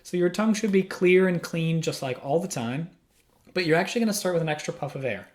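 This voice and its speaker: Animated and fast, a man with a slightly high, somewhat mellow voice teaches a music lesson in a small room, recorded on a studio microphone. He patiently explains, asking himself questions and answering each in turn.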